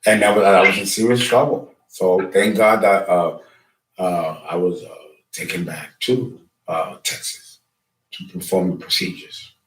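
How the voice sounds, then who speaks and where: Low-voiced rambling male astrologer. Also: steady tone, measured pace, fairly bright tone, rough recording. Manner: rambling, with many fillers and restarts. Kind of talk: casual lecture and phone call.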